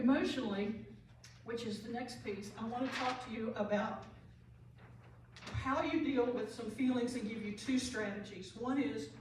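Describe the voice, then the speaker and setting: A woman's voice: fairly high pitch, a little mellow. Earnest woman speaker in an echoey room. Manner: earnest, repeats key phrases for emphasis. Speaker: end of life doula and pastor giving a talk. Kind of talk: conference talk to a live audience. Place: large room, speaking to an audience. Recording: very echoey room audio from far off, light hiss.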